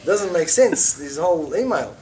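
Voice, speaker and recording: Animated man teaching a class. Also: fairly high pitch, normal speed, distant mic. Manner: animated, conversational, with asides and mock quotes. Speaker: religious teacher. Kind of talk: informal class lecture.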